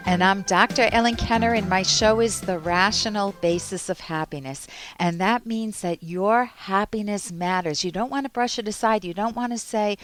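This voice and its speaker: A woman psychologist hosts an advice radio show in a calm, teaching tone. Her voice sits at a middle pitch and is recorded close and dry in a studio, with no room sound behind it. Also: normal speed, no room sound. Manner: calm, instructive, gently explaining.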